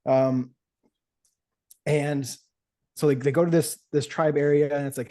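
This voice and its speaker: A man's voice: a little high, fairly even intonation, a little slow, pauses often, mellow. A man hosting a podcast, chatting casually and loosely about a comic, with many fillers. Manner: rambling, loose, with many fillers and quoted voices. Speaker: podcast host. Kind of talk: casual chat recapping a comic.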